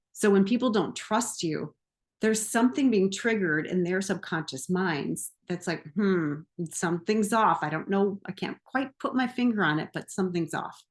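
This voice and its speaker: Woman coach, casual to-camera talk, mid pitch, easy laughs and lively asides. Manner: conversational, laughs often, animated asides. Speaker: empowerment coach.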